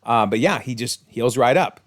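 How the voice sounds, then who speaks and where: A man's voice: mid-range voice, lively intonation, normal speed. A man giving enthusiastic, chatty commentary on a TV series, with frequent laughs and fillers. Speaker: video commentator. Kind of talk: casual commentary.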